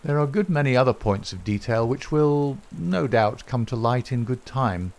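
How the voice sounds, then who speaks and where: A composed gentleman detective speaks with measured courtesy and dry irony, as a male reader brings him to life. He delivers each line slowly and evenly, never raising his voice. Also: mid-range voice, lively intonation, pitched above the performer's own voice, lightly acted. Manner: measured, courteous and dryly ironic. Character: calm wry gentleman detective, male, middle-aged.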